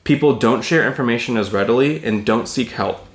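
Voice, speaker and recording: A man's voice: medium pitch, fairly quick, roomy sound. A man co-hosting a podcast in casual chat, reading out study findings and swearing casually. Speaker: podcast co-host.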